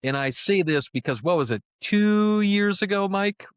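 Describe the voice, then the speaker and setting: A man's voice: high-pitched, lively intonation, normal speed, smooth, no room sound, studio quality. A man co-hosting a soccer podcast in casual chat, rambling and profane with plenty of "uh" fillers. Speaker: podcast co-host.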